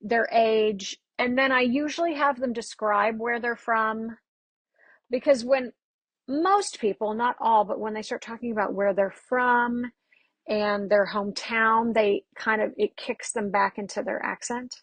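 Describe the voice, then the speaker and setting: A woman dialect coach talks casually on a podcast, her voice slightly high with a husky, gravelly edge. She tells stories in a chatty, animated way with quick asides. The sound is close and dry. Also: no echo. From Texas.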